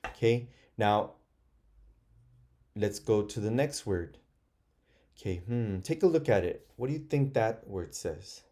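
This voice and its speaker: A male first grade teacher leads an online phonics lesson, patiently sounding out words for young learners. He speaks very slowly, with hesitant fillers and a mellow tone. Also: fairly low pitch, lively intonation. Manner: slow, patient, models sounding out words aloud.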